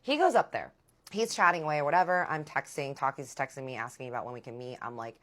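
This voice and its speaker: A woman telling a personal story in casual chat, candid and animated, swearing freely and acting out dialogue. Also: low voice, quick pace.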